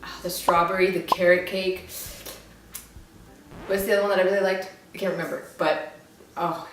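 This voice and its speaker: A woman's voice: lowish voice, fairly even intonation, normal speed, distant mic, slight background noise. A young woman chatting casually in a rambling, self-mocking way while reviewing drinks. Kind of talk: casual chat. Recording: very echoey room, away from the mic.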